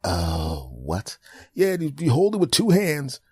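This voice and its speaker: A man voicing a reckless male doctor on the phone who gives absurd instructions with brisk confidence. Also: medium pitch, huge pitch swings, slightly rough, no echo, pitched above the performer's own voice, full character voice. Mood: breezy.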